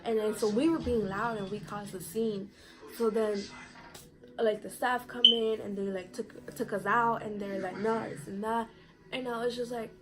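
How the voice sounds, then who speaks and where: Animated young woman telling a storytime. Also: a little high, measured pace, music in the background, poor audio. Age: young adult. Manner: animated, profane, reenacts quotes. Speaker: vlogger. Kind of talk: casual storytime.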